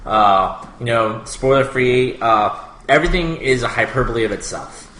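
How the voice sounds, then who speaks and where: A man's voice: mid-range voice, moderate pace, fairly bright tone. A man in his thirties co-hosting a podcast in casual chat, rambling with many fillers. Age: 30s. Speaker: podcast co-host. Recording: echoey room with faint noise.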